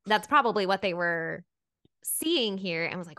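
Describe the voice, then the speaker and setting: A woman's voice: medium pitch, lively intonation, normal speed, sharp tone, no echo, studio quality. A woman co-hosting a casual Bible study podcast, chatty and thinking aloud with many fillers. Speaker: podcast co-host.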